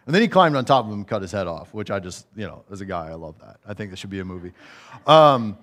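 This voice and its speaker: A man's voice: lowish voice, big pitch swings, quick pace, a bit bright. A man preaching a conversational, humorous sermon that builds to raised, emphatic passages.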